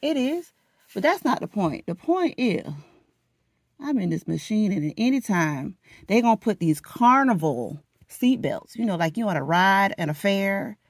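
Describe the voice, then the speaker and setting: A woman vlogger chatting casually as she gets ready for work at home, telling a story in an animated, dramatic way with laughs. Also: mid-range voice, normal speed, dry recording, clean studio sound.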